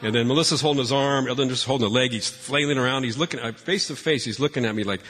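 A man's voice: medium pitch, very fast, a bit bright, husky. A man telling funny family stories to an audience, chatty and self-mocking, often restarting his sentences. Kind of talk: personal storytelling talk. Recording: long reverb from a large hall.

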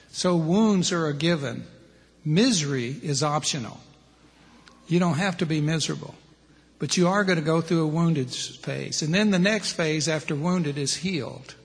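A man's voice: a little high, slightly rough, long reverb tail. A middle-aged man preaching a plain-spoken sermon to men, listing his points one by one. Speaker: preacher at a men's ministry.

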